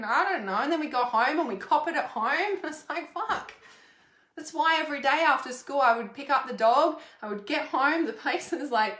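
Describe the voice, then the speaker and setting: A woman's voice: high-pitched, fairly bright tone. A woman and parenting coach talking frankly and casually to camera, rambling and swearing freely. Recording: roomy echo.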